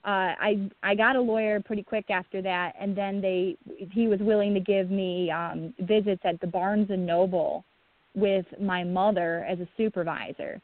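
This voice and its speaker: A woman's voice: medium pitch, fairly even intonation. Woman telling her story over a phone line. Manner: halting, many restarts, voice breaking. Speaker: guest, bereaved mother. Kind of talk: emotional personal account.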